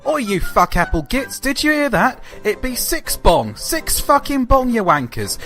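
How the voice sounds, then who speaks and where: A man voicing a foul-mouthed elderly queen who yells crude gibberish in a shrill falsetto, over background music. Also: sing-song, unhurried, creaky, heavily acted. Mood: shrieking. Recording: music playing underneath.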